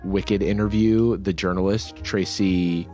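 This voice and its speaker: Low-voiced podcast dude rambling with likes and ums, faint music behind. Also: male voice, fairly even intonation, a little slow, dark tone. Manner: rambling, many fillers and restarts. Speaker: podcast co-host. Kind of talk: casual chat.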